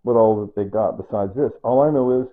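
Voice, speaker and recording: With a fairly low pitch and a brisk pace, an older vlogger reminisces casually on camera, rambling, sentimental and often repeating himself. The audio has a tinny, phone-like quality.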